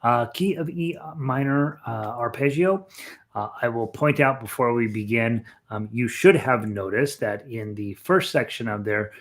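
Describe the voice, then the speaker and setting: A man's voice: medium pitch, measured pace. Chatty man teaching ukulele. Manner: rambling, chatty, full of fillers and restarts; sings rhythms with "bum" syllables. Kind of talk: casual live music lesson.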